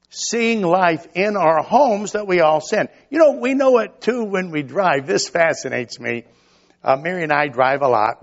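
Older male preacher, folksy storyteller, slow deliberate delivery, slightly muffled recording. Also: fairly high pitch. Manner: folksy storytelling with quoted asides. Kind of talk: sermon.

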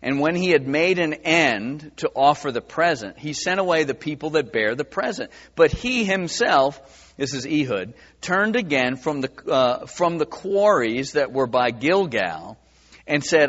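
A man's voice: a little high, expressive, measured pace, a bit bright. A man teaching through a Bible passage verse by verse in a conversational way, with many fillers. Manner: conversational, many fillers, acts out quoted voices. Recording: dull sound with long reverb in a large hall.

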